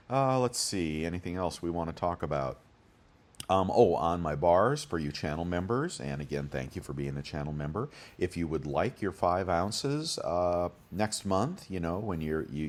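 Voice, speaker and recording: A very deep male voice, rambling and chatty as he works through prices out loud. He hosts his own deals channel and fills the gaps with ums and uhs. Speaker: bullion deals channel host. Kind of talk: casual screen-share commentary.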